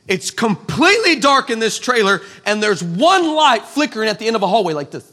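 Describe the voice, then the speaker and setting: Sarcastic, high-voiced young preacher. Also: male voice, a little fast. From El Paso, West Texas, USA. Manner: animated, sarcastic, stammering restarts. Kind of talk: comic storytelling sermon. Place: church.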